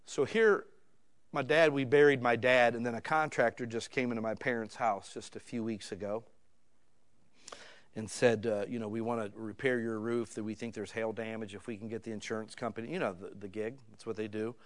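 A middle-aged man from the United States, a pastor telling a personal story in a sermon, talking conversationally and shifting from quiet asides to loud, heated stretches. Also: mid-range voice, fairly even intonation, fairly quick.

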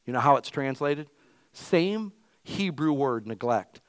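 A man's voice: medium pitch, lively intonation, measured pace, clear, resonant tone, dry recording. A male pastor giving an emphatic, conversational sermon to his church.

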